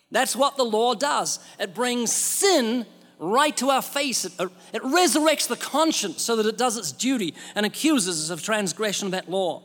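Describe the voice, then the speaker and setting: Preacher, male, higher register, emphatic sermon delivery with a long hall echo. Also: expressive, moderate pace, a bit bright. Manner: emphatic, uses rhetorical questions.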